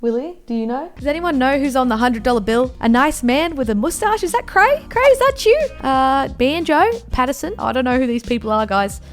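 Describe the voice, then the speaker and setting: A woman's voice: sits high, animated, fairly quick, few pauses. A young Australian woman with an Australian accent, chatting casually and mocking herself as she vlogs. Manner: chatty, self-mocking, exclamatory. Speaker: vlogger. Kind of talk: casual chat.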